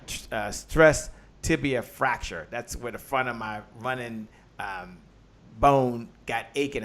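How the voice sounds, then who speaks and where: A man hosting a live business show, giving an energetic motivational talk full of repeated words and exclamations. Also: medium pitch. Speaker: host.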